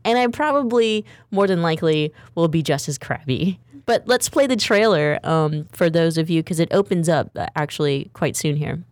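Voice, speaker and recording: A woman's voice: low-pitched, animated, normal speed, hardly any pauses, dry recording, studio quality. A woman hosting a talk show in a chatty, rambling way. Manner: chatty, rambling, laughs often. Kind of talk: casual chat.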